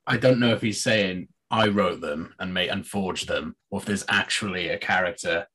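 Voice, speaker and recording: A man with a somewhat low voice thinks aloud about a scene, often stopping to search for the right words. He chats in an informal podcast discussion. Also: normal speed, a bit bright, breathy edge. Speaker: podcast co-host. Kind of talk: casual TV discussion.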